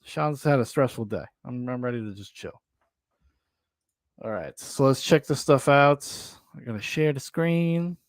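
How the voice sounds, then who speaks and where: A man's voice: medium pitch, unhurried, no room sound, clean studio sound. A man hosting a podcast in loose, rambling casual chat, often laughing. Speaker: podcast host.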